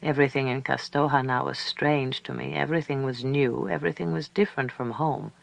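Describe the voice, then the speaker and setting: A man narrating a story aloud in a calm, measured, reflective way. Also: mid-range voice, creaky. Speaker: audiobook narrator. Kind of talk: scripted narration.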